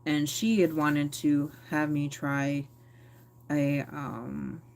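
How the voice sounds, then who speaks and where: A woman's voice: deep voice, level tone, drawn-out words, gravelly, darkish tone. A woman vlogger talking candidly to camera, reflective and rambling, with many fillers and self-corrections. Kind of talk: candid personal talk to camera.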